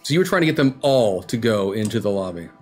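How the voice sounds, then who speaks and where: A man narrates a tabletop role-playing game as its game master. His delivery is relaxed and halting, full of small fillers. A clear music bed plays behind him. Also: fairly low pitch.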